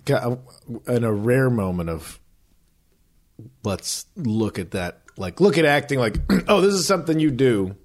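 A man's voice: medium pitch, animated, unhurried, a little mellow. A man co-hosting a podcast in casual chat, rambling, swearing freely and acting out voices as he tells stories. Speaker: podcast co-host.

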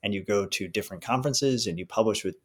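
A man being interviewed as a history professor, speaking in a measured, thoughtful way with some fillers. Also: lowish voice. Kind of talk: casual academic interview.

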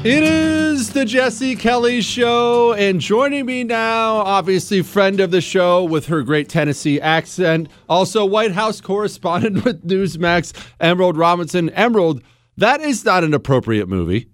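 A man hosting a call-in radio talk show, animated and sarcastic, laughing often. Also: sits high, normal speed, faint music behind.

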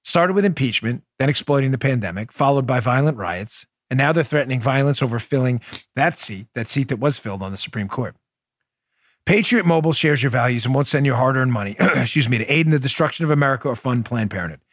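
A man's voice: mid-range voice, lively intonation, fast, no room sound, studio quality. A man from New York hosting a political podcast, delivering a combative, sarcastic opinion monologue. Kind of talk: opinionated talk show monologue.

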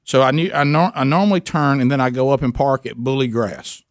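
A man's voice: mid-range voice, brisk, no room sound, clean studio sound. A middle-aged man, hosting a radio talk show and telling a story, acting out the dialogue with big jumps in voice.

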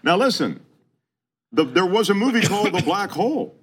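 A man's voice: sits high, big pitch swings, normal speed, slight background noise. A man co-hosting a casual panel podcast, chatting expressively and agreeably. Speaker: podcast co-host.

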